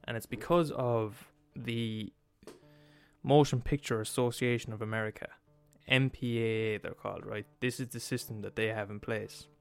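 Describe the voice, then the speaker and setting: A man's voice: medium pitch, fairly even intonation, moderate pace, creaky, soft background music. Profane man ranting on a podcast. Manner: profane, emphatic, laughs at his own points. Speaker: podcast host. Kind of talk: comedic rant.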